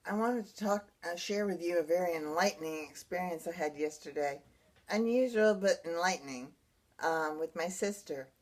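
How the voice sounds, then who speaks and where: A woman's voice: fairly low pitch, normal speed. A woman, earnestly telling a rambling personal story to her viewers. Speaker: blogger sharing personal experience. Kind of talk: casual personal storytelling to camera.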